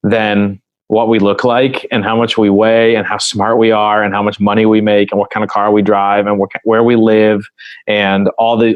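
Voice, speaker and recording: Earnest low-voiced man telling a story. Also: no echo, low-quality recording. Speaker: podcast guest. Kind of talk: casual interview conversation.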